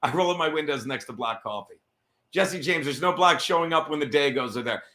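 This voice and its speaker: Middle-aged comedy podcast guy ranting, high bright voice, swears constantly, keeps restarting his sentences. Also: lively intonation. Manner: fast, rambling, swears a lot, restarts mid-thought. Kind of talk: profane rambling monologue.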